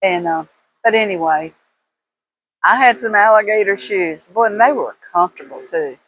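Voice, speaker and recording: An older woman, talking casually to her viewers in a slow, rambling way with pauses and fillers. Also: medium pitch, a bit bright, slight background noise, rough recording. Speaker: vlogger.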